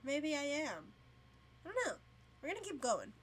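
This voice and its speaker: A woman's voice: high-pitched, wildly swooping pitch, moderate pace. A young woman streamer reading a story game aloud, casual and yawning, laughing between lines.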